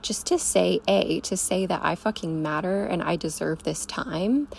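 A woman's voice: fairly low pitch, a little slow, gravelly, a little hiss or hum. A young woman hosting a podcast, giving an emphatic, casual motivational talk, swearing freely and calling the listener babe. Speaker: podcast host, coach.

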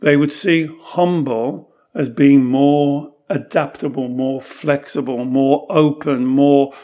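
A man's voice: mid-range voice, fairly even intonation, takes it slowly, dull audio. A man who is a Taoist monk, co-hosting a podcast and explaining teachings in an earnest, reflective way, often acting out quoted dialogue.

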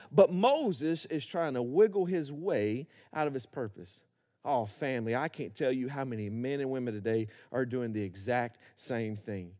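High-voiced pastor preaching. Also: male voice, a little mellow. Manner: preaching, acting out biblical voices, building to rhythmic repetition. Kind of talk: sermon.

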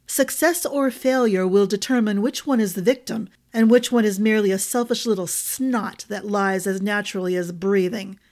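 A woman's voice: medium pitch, moderate pace, hardly any pauses, darkish tone, lightly acted. Woman voicing a pompous stern magistrate.

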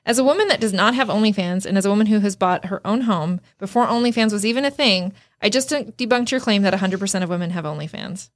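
A woman's voice: medium pitch, quick pace, few pauses. A woman co-hosting a podcast in casual chat, speaking frankly and emphatically with some restarts. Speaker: podcast co-host.

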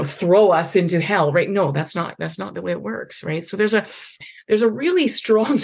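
Earnest woman with a gravelly, husky low voice. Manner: earnest, many restarts and tag questions. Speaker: podcast host. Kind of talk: conversational advice on faith and parenting.

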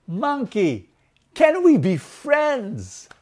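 A man voicing a lonely, gentle big elephant who calls out in a high, loud, drawn-out voice, asking the other animals to be his friend. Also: wildly swooping pitch, exaggerated voice. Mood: pleading.

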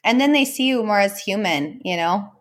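A woman with a mid-range voice hosts a podcast interview. She talks in a relaxed, conversational way and laughs easily. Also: medium pitch, normal speed. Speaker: podcast host, mother.

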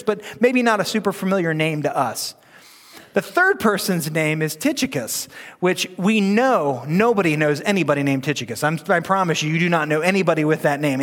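Middle-aged male pastor, high voice, casual joking sermon delivery, long hall reverb. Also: fairly bright tone. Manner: conversational and joking, leads the room in reading aloud. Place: church sanctuary.

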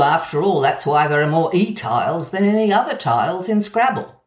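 A woman with an Australian accent reading a measured, gently wry scripted essay about language. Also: low-pitched, big pitch swings. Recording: roomy echo.

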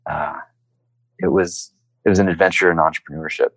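Here a deep-voiced man speaks fairly quickly as an interview guest, an entrepreneur recounting his story conversationally. He's animated and acts out the quotes. The recording is rough, with no echo.

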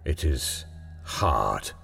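Man playing a slow old dad in a ghost story, deep heavy voice, hall echo, faint music. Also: animated, creaky, fairly bright tone, husky, exaggerated voice. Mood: grieving. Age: older. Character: slow, stubborn elderly father, gently dazed.

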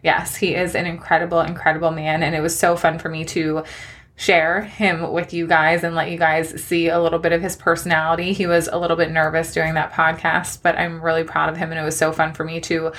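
A woman's voice: deep voice, level tone, a little fast, fairly bright tone. A young woman hosting a solo podcast, chatting in a gushing, encouraging way with frequent laughs. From New Jersey. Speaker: podcast host and online coach. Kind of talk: solo podcast life update.

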